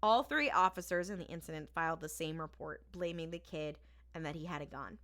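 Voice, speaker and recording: Woman cohost retelling an episode, lively quoted lines, bright tone. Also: low-pitched, a little fast. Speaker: podcast co-host. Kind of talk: casual recap chat.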